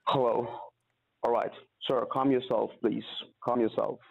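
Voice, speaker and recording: A man's voice: mid-range voice, level tone, a little slow, gravelly. A man on a phone call who keeps insisting and reassuring, repeating himself to take control of the conversation. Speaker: phone scammer. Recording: tinny phone line.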